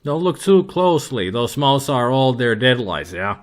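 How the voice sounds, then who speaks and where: A man's voice: mid-range voice, big pitch swings, normal speed. A man commentating a retro adventure game, reading its text aloud with dry, sarcastic jokes. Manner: dry, jokey, sarcastic asides. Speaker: let's play commentator.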